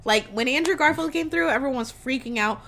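Blunt woman with a slightly high voice. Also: creaky, a bit bright. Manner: blunt, profane, quick interjections. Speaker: podcast co-host. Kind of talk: casual movie review chat.

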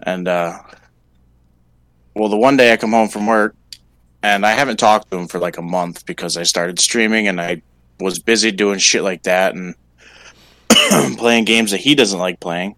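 A man's voice: on the low side, moderate pace, long pauses, a bit bright, dry recording, rough recording. A man who streams games, telling a grievance bluntly in casual chat with frequent swearing.

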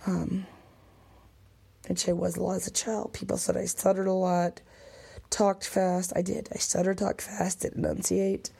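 A woman's voice: lowish voice, completely flat delivery, measured pace, vocal fry, warm tone, slightly rough. A woman hosting her own podcast, venting emotionally in a rambling rant, swearing and dropping into whispered asides, a little tipsy and emotional. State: emotional, tipsy after sake. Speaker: podcast host.

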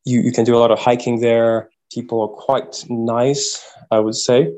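A man from Quebec, a podcast guest telling travel stories in a casual, animated way, often repeating words as he thinks. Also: mid-range voice, normal speed, highs cut off. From Quebec, Canada. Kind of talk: casual interview storytelling.

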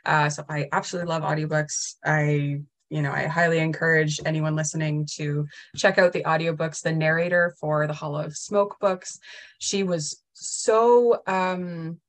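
A woman with a slightly low voice talks as a guest author in a relaxed interview. She speaks with warm enthusiasm, leaning on "like" and "um" as she goes. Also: moderate pace. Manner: enthusiastic, many "like" and "um" fillers. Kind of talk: casual interview chat.

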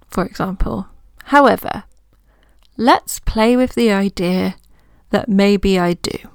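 A woman coach speaks slowly and gently on her solo podcast, reassuring the listener as she thinks aloud. Her voice has a low gravelly fry at the edges. The sound is close and dry, with no room echo. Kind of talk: reflective solo podcast talk.

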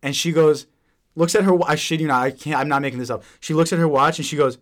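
Young guy on a podcast rattling off a dumb school story real fast, joking around. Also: fairly high pitch. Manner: rapid, animated storytelling with crude humor. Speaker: podcast host. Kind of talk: casual chat.

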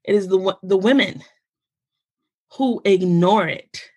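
Woman hosting a podcast, animated talker. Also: medium pitch, measured pace. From United States. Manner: animated storytelling, quotes relatives in lively voices. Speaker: podcast host. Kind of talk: casual conversation.

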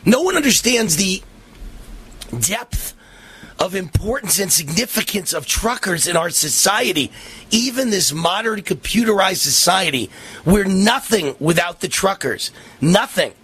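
A man's voice: sits high, expressive, measured pace, breathy edge. A middle-aged man hosting a radio talk show, delivering a fiery, emphatic political monologue full of repetition. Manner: emphatic, repetitive, rising to shouts.

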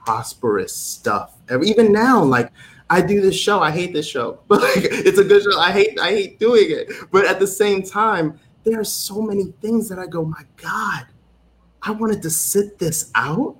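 A man telling a story in a casual, animated way, acting out what people said and laughing often. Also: sits high, normal speed. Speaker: guest. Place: home setup with clip lights.

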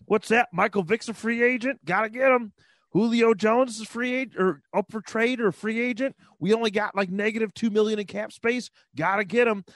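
A man voicing an overeager, excitable male sports fan with a Western New York accent, talking high and breathless. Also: normal speed, no room sound. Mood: hyped.

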